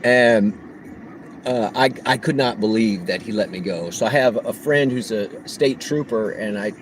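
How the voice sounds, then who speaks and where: A man livestreaming on the road as a delivery driver, telling a story in a casual, animated way and laughing often. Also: fairly low pitch, unhurried, slight background noise, low-quality recording.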